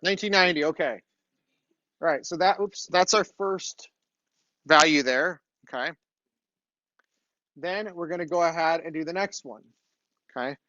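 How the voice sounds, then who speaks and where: Middle-aged man, chatty lecturer, slightly high voice, checks in with "okay?", dry classroom capture. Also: measured pace, pauses often, bright, forceful tone, no echo, muffled recording. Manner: chatty storytelling, frequent "okay?" check-ins. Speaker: university lecturer.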